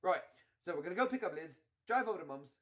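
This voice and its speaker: A man's voice: sits high, expressive, fast, a bit bright, highs cut off. A man putting on a laid-back bloke, repeating his plan. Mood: scheming. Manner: chanting a plan over and over. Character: laid-back British man plotting to wait it out at the pub.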